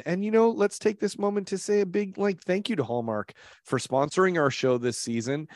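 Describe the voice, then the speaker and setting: A man co-hosting a casual chat show, reading funny posts aloud with laughter and lively delivery. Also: medium pitch, dry recording, studio quality. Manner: animated, laughs while reading. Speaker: co-host.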